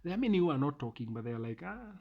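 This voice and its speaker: Kenyan man, middle-aged, husky voice, dull lo-fi sound, ranting vlog monologue. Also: medium pitch, animated, racing. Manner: ranting, emphatic, repeats phrases. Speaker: vlogger. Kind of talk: opinion monologue to camera.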